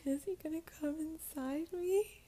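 A woman's voice: high-pitched, steady tone, a little slow, vocal fry, dark tone, slight background noise, pitched above the performer's own voice. A woman voicing a frightened young female college freshman who speaks in a quivering, pleading way, often whispered. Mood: terrified. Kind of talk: whispered storytelling.

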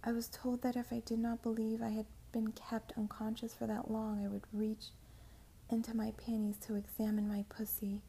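A woman voicing a shaken young woman who reads a message quickly and unsteadily, in a whispered role-play. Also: fairly high pitch, completely flat delivery, creaky, dark tone, breathy edge. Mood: shaky. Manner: hurried, shaky, whispered like reading a script.

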